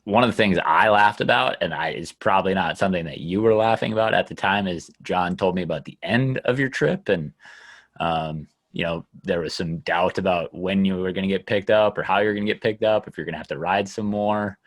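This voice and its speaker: A man with a very deep voice hosts a podcast interview. He talks in a relaxed, conversational way, drawing out his questions. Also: a little fast. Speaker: podcast host.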